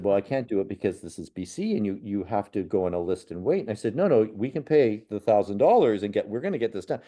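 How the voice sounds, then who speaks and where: A man, a spiritual medium and podcast guest, telling personal stories in an earnest, unhurried way. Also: deep voice. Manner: earnest, unhurried, with soft laughs and restarts. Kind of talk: reflective personal storytelling in a podcast conversation.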